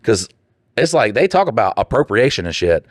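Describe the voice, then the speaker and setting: A young man co-hosting a podcast, talking bluntly and crudely in a somewhat low voice. The sound is dry and close, with no room around it. He swears freely and reads listener letters in the same offhand way. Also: sing-song, normal speed, dry recording. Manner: blunt, profane, mocking put-on voices. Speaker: podcast co-host. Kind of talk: crude casual chat, reading listener letters.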